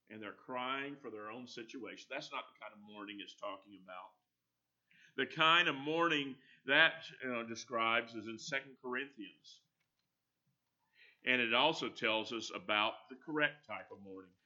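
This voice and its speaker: Male preacher, very bright tense tone, earnest and emphatic, slightly dull lo-fi recording. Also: medium pitch, normal speed. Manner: earnest, emphatic, acts out quoted voices. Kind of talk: sermon.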